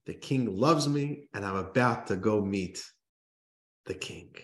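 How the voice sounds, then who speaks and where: A man voicing a naive, excited male carp, soft and wistful, in a story told in a class. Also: fairly low pitch, slow, voice pushed down. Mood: dreamy. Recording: roomy echo.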